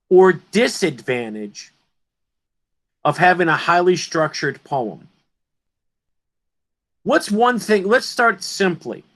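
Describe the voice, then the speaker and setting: Male teacher, high voice, unhurried delivery, emphatic, questions the class often. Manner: emphatic, asks students questions. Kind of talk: online class lecture.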